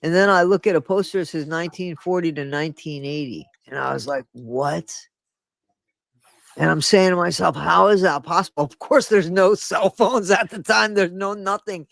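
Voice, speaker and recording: A man's voice: high voice, brisk, creaky, hardly any pauses, a bit bright, dry recording. A man in his sixties co-hosting a candid talk show, telling personal memories with emphatic, cursing, interrupting talk. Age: 60s. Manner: emphatic, interrupts, swears casually. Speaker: podcast co-host. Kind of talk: candid conversational storytelling.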